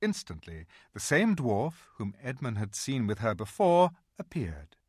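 A storyteller reading a children's fantasy book aloud, slow and dramatic. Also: medium pitch, big pitch swings, a little mellow, no echo, clean studio sound.

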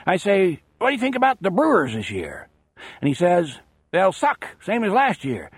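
A raspy, cynical man with blunt, salty comebacks, as a male narrator puts him on. The voice sits well above the reader's own, lively and husky, and is recorded dry and close. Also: high-pitched, moderate pace, no echo, pitched above the performer's own voice, exaggerated voice. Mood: sardonic. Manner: sarcastic, salty talk.

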